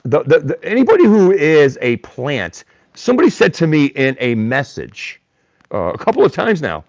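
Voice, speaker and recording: A man's voice: on the high side, wildly swooping pitch, moderate pace, a little mellow, no echo, dull audio. A man hosting a live stream, talking bluntly and combatively while reading and answering chat comments. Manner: blunt, combative, mocks chatters by name. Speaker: livestream host.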